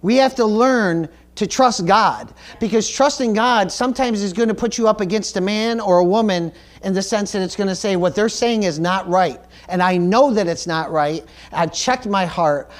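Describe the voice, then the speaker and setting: A male pastor preaching a sermon, earnest and emphatic, often repeating words and asking the congregation "Amen?". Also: high-pitched. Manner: calls for audience responses like "Amen?".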